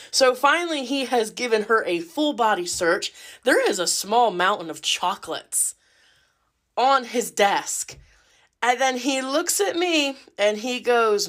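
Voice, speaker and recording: A woman caregiver telling a story in a casual, lively and cheeky way, cussing freely. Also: a little high, unhurried.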